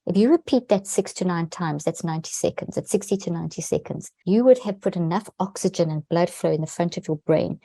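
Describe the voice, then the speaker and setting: A woman's voice: lowish voice, a little fast, creaky, hardly any pauses, dark tone, no room sound. A woman guest on a podcast interview, a neuroscientist explaining techniques in an earnest way and pressing key words.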